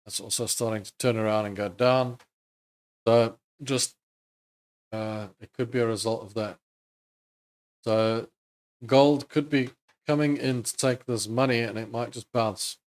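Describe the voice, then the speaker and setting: A man's voice: mid-range voice, fairly even intonation, measured pace, pauses often. Man casually talking through trading charts. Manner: casual, thinks aloud over charts, chatty with viewers. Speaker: trading stream host. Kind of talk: live market commentary.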